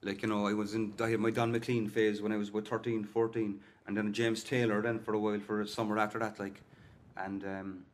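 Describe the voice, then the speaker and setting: A man's voice: on the low side, flat delivery, a little fast, hardly any pauses. A middle-aged man with a Cork Irish accent, a singer-songwriter guest rambling chattily in an interview. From Cork, Ireland. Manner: rambling and chatty, full of "like" and "you know". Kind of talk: casual interview chat.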